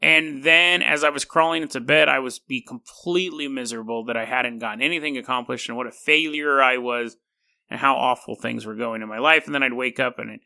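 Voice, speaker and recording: A man in his thirties hosting a podcast, telling stories in an animated, rambling way and laughing often. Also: medium pitch, a little fast, vocal fry. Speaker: podcast host. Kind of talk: casual podcast monologue.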